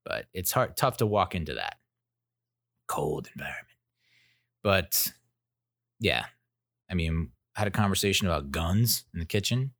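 A man's voice: low voice, very animated, moderate pace, a bit bright, no echo, studio quality. A man in his thirties telling a casual story as a podcast host, rambling and self-interrupting with wry, jokey asides.

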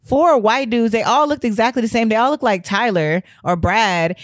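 A young woman telling a story in a casual, animated way, her voice hoarse from losing it, laughing and swearing often. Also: on the high side, normal speed, dry recording, studio quality. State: hoarse from a lost voice.

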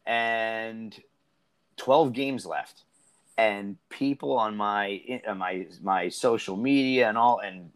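Podcast host, male, lowish voice, loose and animated with lots of false starts. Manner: animated, rambling, many restarts. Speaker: soccer coach and podcast host. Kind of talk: casual podcast discussion.

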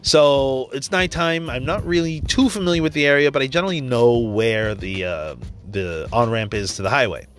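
A man talks through a motivational monologue in a casual, blunt way. He swears freely and tells stories from his own life. His pitch sits in a middle range, and soft music plays faintly behind him. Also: moderate pace, few pauses. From New York area. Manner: blunt, profane, storytelling with acted-out quotes. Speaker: motivational speaker.

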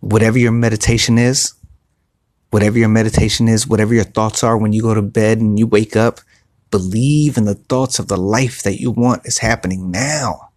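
A man hosting a podcast, giving earnest, repetitive motivational talk in a soft voice, recorded on his phone outside on a patio. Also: fairly low pitch, fairly even intonation, normal speed, dry recording, studio quality. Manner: earnest, repetitive, restarts often; speaking softly. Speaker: podcast host. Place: outdoor patio by a pool at night.

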